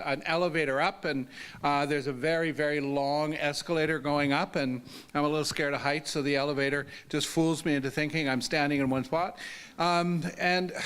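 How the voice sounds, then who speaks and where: A man, a disability advocate, telling personal stories in an earnest talk, with halting restarts and an emphatic delivery. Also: a bit bright, clean tone. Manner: earnest, halting restarts, pitch rising sharply when emphatic. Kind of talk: storytelling talk to an audience.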